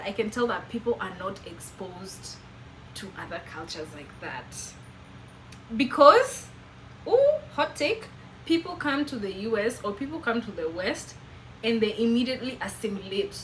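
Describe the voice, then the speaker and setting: A young Kenyan woman with a Meru accent, whose first language is Kimeru, chatting casually to camera in an animated way and laughing often. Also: a little high, a little slow, slight background noise, low-quality recording. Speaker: vlogger.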